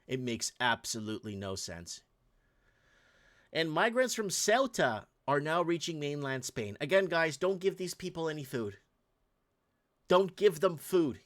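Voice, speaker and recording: A man's voice: a little high, sing-song, moderate pace, fairly bright tone. Ranting man hosting clip commentary. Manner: ranting, repetitive, talks straight to viewers. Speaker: host. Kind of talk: casual commentary over video clips.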